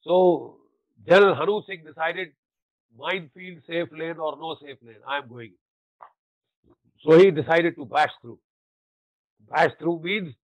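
A man's voice: on the high side, no room sound, muffled recording. An older man with an Indian English accent, a retired army general telling war stories as an interview guest, acting out the dialogue and often adding "you know". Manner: animated storyteller, acts out quoted dialogue, often adds "you know". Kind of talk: war storytelling.

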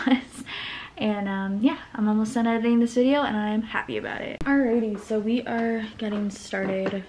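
A woman's voice: medium pitch, a little hiss or hum. Chatty young woman vlogging at home. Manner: rambling, frequent "like" and "um" fillers. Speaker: small business owner and vlogger. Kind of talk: casual chatty vlog narration.

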